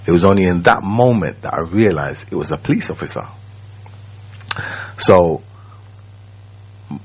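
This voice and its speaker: A man, telling his own story as a radio guest in a slow, reflective way, often checking that the listener follows. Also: low-pitched, slightly rough. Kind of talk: personal storytelling. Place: radio studio.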